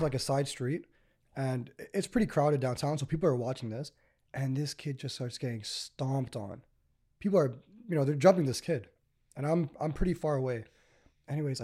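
A man's voice: medium pitch, warm tone. A man, hosting a casual podcast and telling stories in a rambling way, full of "like" and "you know". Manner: rambling storyteller, many fillers like "like" and "you know". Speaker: podcast host.

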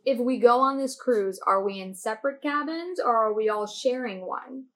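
A woman's voice: fairly high pitch, normal speed, fairly bright tone. A young woman hosting a casual podcast chat, asking questions and encouraging her younger siblings. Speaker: podcast host.

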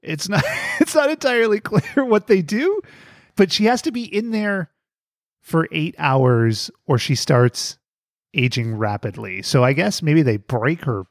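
A man's voice: a little high, unhurried, no echo, clean studio sound. A man co-hosting a casual podcast, recapping an episode with jokes and frequent laughter. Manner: joking, laughs often, lively storytelling. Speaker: podcast co-host.

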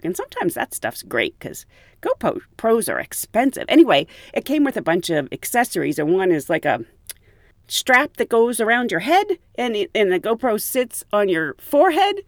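Woman, flight attendant, animated storyteller, swooping voice, dry close sound. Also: mid-range voice, no echo. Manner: animated, laughs often. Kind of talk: casual storytelling.

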